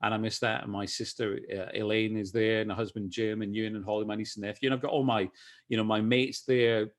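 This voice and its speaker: A man's voice: on the low side, little pitch movement, fast talker. A middle-aged man from Scotland with a Scottish accent, chatting as an interview guest, with many restarts and easy laughs. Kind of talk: casual video-call interview.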